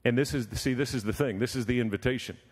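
A man's voice: medium pitch, quick pace, long reverb tail. A man preaching a sermon, telling a story and acting out the voices in it. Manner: animated, acts out voices in his story.

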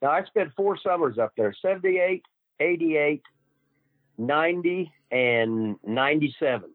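A man's voice: fairly high pitch, lively intonation, a little slow, no echo. An older man, a guest wrestler, telling stories full of swearing and acting out what others said. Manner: swears constantly, acts out quoted dialogue. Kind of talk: profane storytelling. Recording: tinny phone line, dry.

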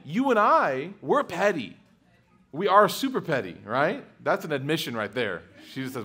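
Man, fairly high voice, religious talk, animated storytelling, casual fillers, asks the audience questions. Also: moderate pace, slightly rough. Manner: casual, full of "like" and "right?". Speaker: religious speaker. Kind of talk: lecture with anecdotes to a live audience.

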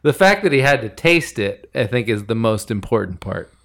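Lively joking man, podcast host. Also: medium pitch, moderate pace. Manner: laughing often, joking. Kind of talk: casual chat.

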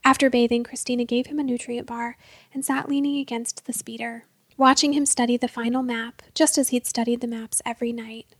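A woman reading a story aloud as narrator, in a steady, measured way. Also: on the high side, no echo. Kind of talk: scripted narration.

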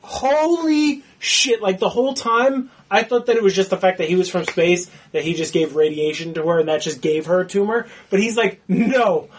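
A man's voice: sits high, fairly quick, hardly any pauses, recorded from a distance. A man in casual movie talk who swears a lot and acts out his own reactions.

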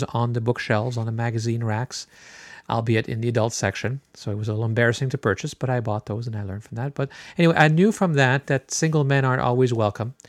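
A middle-aged man hosting a podcast, telling a personal story in a relaxed, chatty way with many filler words. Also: mid-range voice, dry recording, clean studio sound. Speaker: podcast host.

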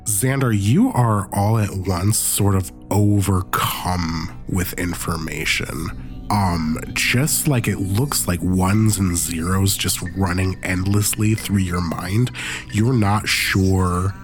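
A man narrating a tabletop game as game master, relaxed and loose with many fillers. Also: sits low, takes it slowly, soft background music.

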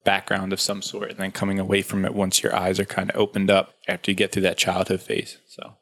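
A man's voice: sits low, completely flat delivery, a little fast, a bit bright. A man speaking as a podcast panelist in a casual discussion, slangy and leaning heavily on the word like. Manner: casual slangy talk, heavy use of like.

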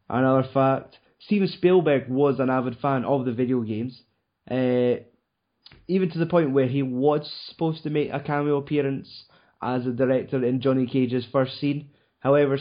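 A man's voice: mid-range voice, moderate pace. Male podcast host, casual and profane, rambling delivery, dull lo-fi recording. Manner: swears a lot, rambling with fillers. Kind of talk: casual chat.

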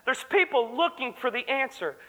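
A man's voice: very high-pitched, animated, moderate pace, pushed and bright, poor audio. A young man preaching a fervent, earnest sermon at a church service. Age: young adult.

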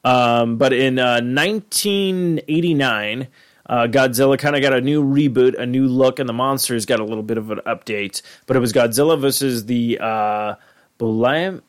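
Man, podcast co-host, rambling casual chat, swears a lot, animated. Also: mid-range voice, moderate pace.

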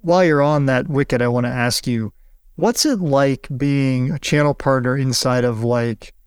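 Guy hosting a podcast, mid pitch, dry sound, kinda rambles his questions. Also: normal speed, smooth, dry recording. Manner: rambling, searching questions with fillers. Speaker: podcast host. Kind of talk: conversational interview.

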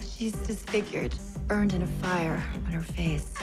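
An actress playing a chatty, excitable woman in a film, with a blunt, darkly amused, blurting way of speaking. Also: lowish voice, a little slow, music in the background. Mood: giddy. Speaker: film character.

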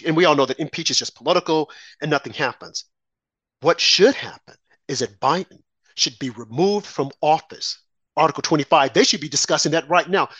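A man's voice: on the high side, fairly bright tone, dry recording. Indignant man ranting on a talk show. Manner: indignant, emphatic, rhetorical questions. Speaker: political talk show host. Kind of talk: opinionated political monologue.

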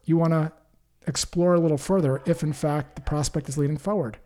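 A man giving a calm sales-coaching talk, acting out short example phone calls. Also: fairly high pitch, a little fast. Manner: calm, coaching, acts out example call lines. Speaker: sales trainer. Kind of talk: instructional talk with sample call scripts.

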